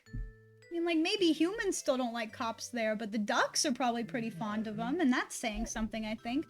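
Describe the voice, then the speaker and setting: High-voiced, rambling woman streamer. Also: animated, a little fast, soft background music. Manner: swears freely, rambling and chatty, talks to her dog. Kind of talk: casual stream chat.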